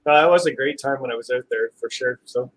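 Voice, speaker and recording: A man's voice: mid-range voice, a little fast, fairly bright tone, low-quality recording. Easygoing Canadian-accented man. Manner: easygoing, jokey. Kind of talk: casual chat.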